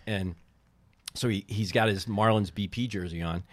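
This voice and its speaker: A man's voice: lowish voice, normal speed, no echo. A middle-aged man, a former baseball team co-owner, telling rambling stories in casual chat and often breaking off his own sentences. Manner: rambling, self-interrupting storyteller.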